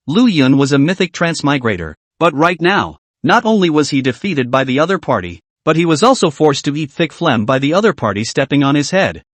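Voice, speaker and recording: Lively man narrating a comic recap. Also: fairly high pitch, dry recording.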